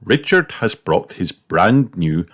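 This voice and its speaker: Slow, expressive man reading a storybook. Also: deep voice. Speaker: storybook narrator. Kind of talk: children's storybook read-aloud.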